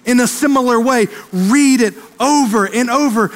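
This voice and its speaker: A pastor delivers a fervent sermon in a strikingly high male voice. He races through some lines and slows others for weight. The sound rings with the long reverb of a big church hall. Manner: fervent preaching, quickening and slowing for emphasis.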